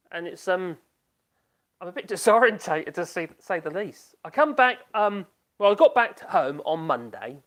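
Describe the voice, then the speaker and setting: Rambling, chatty Englishman hosting a live stream. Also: a little high. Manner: rambling, chatty, trailing off mid-sentence. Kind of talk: casual live-stream chat.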